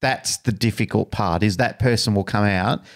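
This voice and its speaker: Male podcast co-host, lower voice, reflective, acts out the people he quotes. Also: normal speed. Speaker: podcast co-host, dog trainer. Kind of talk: casual conversational podcast chat.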